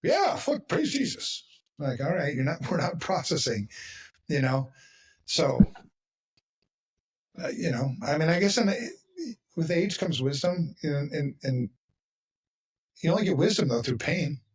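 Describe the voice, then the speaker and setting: A man's voice: a little high, expressive, measured pace, pauses often, darkish tone, husky, recorded from a distance. A man hosting a podcast in casual chat, talking bluntly and with emphasis, swearing freely. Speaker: podcast host.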